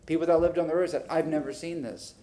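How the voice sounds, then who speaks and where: A male city council member airing his frustrations at a public meeting, talking in an animated way and acting out conversations, into a desk microphone in a council chamber. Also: a little high, fast talker.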